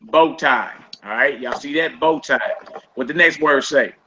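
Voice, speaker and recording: A man's voice: a little high, moderate pace. A man teaching a classroom language lesson in a casual manner, saying y'all and repeating each word for his students. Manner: casual, uses y'all, drills words by repeating them. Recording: muffled recording with background noise.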